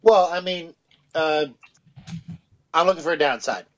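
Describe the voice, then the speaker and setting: A man's voice: on the high side, unhurried, a bit bright, lo-fi sound. A man co-hosting a podcast, chatting casually about tabletop game spells with sardonic, mocking quips. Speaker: podcast co-host.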